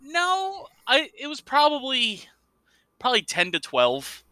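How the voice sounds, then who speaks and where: A man's voice: extremely high pitch, huge pitch swings, measured pace, pushed and bright, no room sound. A man co-hosting a casual gaming podcast, rambling a bit and correcting himself as he goes. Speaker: podcast co-host.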